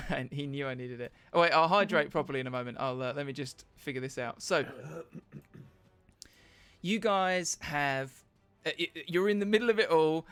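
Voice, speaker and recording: A man narrating as dungeon master in an animated, laughing way, often searching for words. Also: fairly high pitch, moderate pace, smooth, faint music behind. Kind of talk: narrating a tabletop game.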